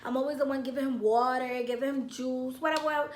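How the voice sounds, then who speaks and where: A woman's voice: sits high, fairly even intonation, a little fast, echoey room, a little hiss or hum. A young woman telling a casual storytime to her viewers, acting out both sides of a quarrel. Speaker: vlogger.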